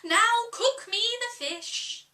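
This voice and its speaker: A woman doing a cooing, gentle queen. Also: very high-pitched, slow, recorded from a distance, pitched above the performer's own voice, exaggerated voice. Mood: delighted. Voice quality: cooing, soft. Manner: delighted, gushing. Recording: echoey room, voice off-mic.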